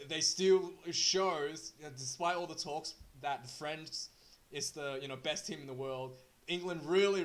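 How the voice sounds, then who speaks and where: A man with a slightly higher voice gives an off-the-cuff rugby match recap. He stumbles through fillers and restarts, then picks up steam as the story gets exciting. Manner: halting, full of fillers and restarts. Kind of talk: casual unscripted match recap.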